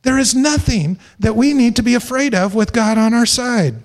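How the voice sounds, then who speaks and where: A man's voice: very high-pitched, normal speed. A man preaching a sermon as pastor, emphatic, stressing points through repeated phrases and joking lightly with the congregation.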